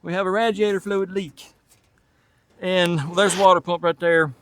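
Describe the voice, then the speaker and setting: With a high-pitched, slightly bright voice that barely moves in pitch, a Tennessee mechanic talks at a moderate pace in a dry recording. The Southern-accented channel host casually addresses the camera while fixing an old truck in his garage, thinking aloud as he works.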